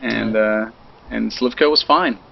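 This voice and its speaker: Male podcast panelist, gravelly, casual storyteller, muffled audio. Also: lowish voice, a little slow, very noisy. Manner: animated, acts out quoted voices. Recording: dull lo-fi audio.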